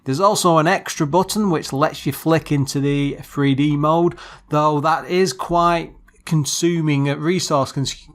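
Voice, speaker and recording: A man co-hosting a podcast, casually reviewing an old computer game and often stopping to search for words. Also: medium pitch. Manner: halting, searching for words with many restarts. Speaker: podcast co-host.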